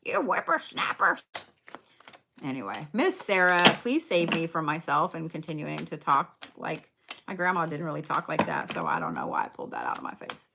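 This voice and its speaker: A woman's voice: on the low side, bright, forceful tone, a little hiss or hum. A woman doing a casual livestream card reading, blunt, chatty and full of swearing as she talks to viewers.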